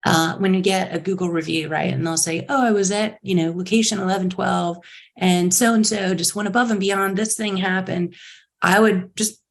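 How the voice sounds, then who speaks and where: A woman's voice: medium pitch, fairly even intonation, normal speed. Enthusiastic woman executive telling stories. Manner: enthusiastic, acts out quotes in bright voices. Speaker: chief executive guest. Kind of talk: animated interview storytelling.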